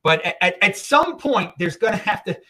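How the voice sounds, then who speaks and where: A male podcast host in easy, casual conversation with his guest. His pitch swings widely as he talks, and he trips over his words and restarts his sentences. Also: normal speed, low-quality recording. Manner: animated, stumbling restarts. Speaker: show host. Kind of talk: casual interview chat.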